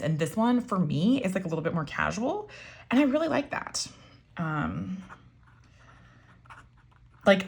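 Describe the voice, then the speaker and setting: A woman chatting casually and enthusiastically while showing and writing with her pens, with many fillers. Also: mid-range voice. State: voice getting froggy. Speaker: pen and ink vlogger.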